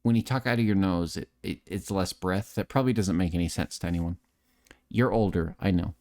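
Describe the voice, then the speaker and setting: A man's voice: sits low, brisk, a little mellow. Tipsy nasal-voiced man streaming. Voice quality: slight lisp. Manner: rambling, self-deprecating, chatty with viewers. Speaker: streamer and voice actor. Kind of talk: casual live-stream chat. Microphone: close desk microphone.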